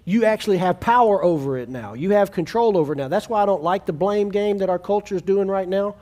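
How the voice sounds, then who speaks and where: A man's voice: high voice, quick pace, warm tone. A man who is a pastor, preaching a sermon in an earnest, conversational way, with restarts, and acting out quoted family dialogue.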